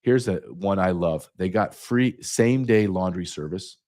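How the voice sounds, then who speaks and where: A man with a low, somewhat mellow voice speaks as an interview guest at a measured pace. He talks emphatically, repeating key numbers for effect.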